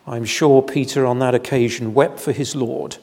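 A man preaching an evening sermon in a church, measured and deliberate, with solemn emphasis. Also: medium pitch, steady tone, a little mellow. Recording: long hall reverb.

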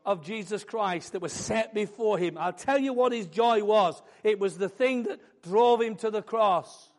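A man preaching a sermon, building fervently into loud, emphatic declarations. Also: sits high, measured pace.

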